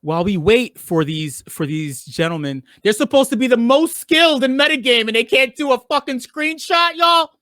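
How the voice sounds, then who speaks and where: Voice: medium pitch, animated, normal speed, few pauses, pushed and bright, dry recording, clean studio sound. A game show host running a live online contest, playful and teasing, swearing freely and stalling by drawing words out.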